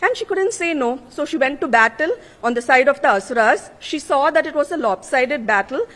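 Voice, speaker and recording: A woman's voice: sits high, expressive, brisk, fairly bright tone. A woman, an author giving an earnest, emphatic speech at a literary conference. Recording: long reverb of a large hall.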